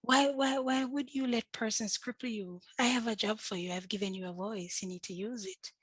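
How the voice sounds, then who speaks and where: A middle-aged woman tells her personal story as a guest on a talk show. She speaks in an earnest, faith-filled, animated way and acts out the voices of people she quotes. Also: a little high, moderate pace, husky, no echo, low-quality recording. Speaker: podcast guest.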